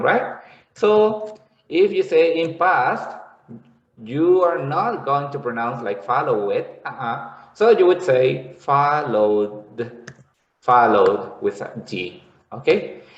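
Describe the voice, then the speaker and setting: Male teacher, patient classroom explaining; slow, roomy lo-fi sound. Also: fairly high pitch. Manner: explains slowly, repeats words, checks in with "okay". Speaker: English teacher. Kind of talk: classroom lesson. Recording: echoey room, dull lo-fi sound.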